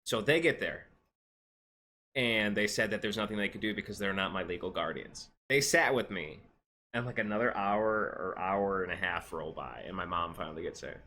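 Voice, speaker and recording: A vlogger in his thirties tells a rambling personal story in a low-pitched voice at normal speed, with slight noise in the background. He's animated and casual, restarting often and quoting other people's voices.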